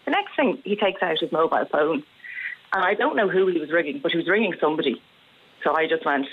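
Low-voiced Irish woman telling a story by phone. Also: fairly quick. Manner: animated storytelling, laughs often. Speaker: caller. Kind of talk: phone-in radio chat. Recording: muffled phone-in line on radio.

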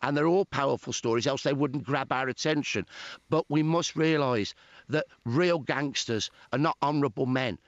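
This is a man with a Birmingham accent, speaking as a guest historian in a radio interview. He talks in an earnest, measured way and leans on his key points. His voice comes through a dry, dull, lo-fi line. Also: mid-range voice, dry recording. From Birmingham, England.

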